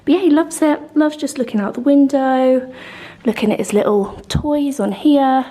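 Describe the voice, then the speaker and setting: A woman's voice: high-pitched, normal speed. Chatty young woman vlogging at home. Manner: gentle, chatty, lots of fillers. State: emotional, close to tears. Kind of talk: casual chat to camera. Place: home, indoors.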